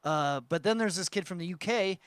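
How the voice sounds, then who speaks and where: A man's voice: high voice, fairly quick, fairly bright tone, smooth, dry recording. A male podcast host casually reading out news stories, joking and stumbling over his words.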